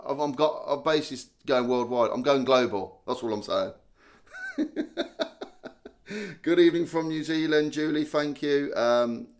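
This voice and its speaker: Young male streamer, casual, jokey, reads comments aloud, average pitch. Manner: chatty, self-mocking, reads viewer names aloud. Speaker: live stream host. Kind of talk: casual live-stream chat reading comments.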